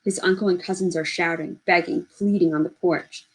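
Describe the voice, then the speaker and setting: A woman reading a novel aloud in a measured, steady storytelling voice. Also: lowish voice, low-quality recording. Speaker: audiobook reader.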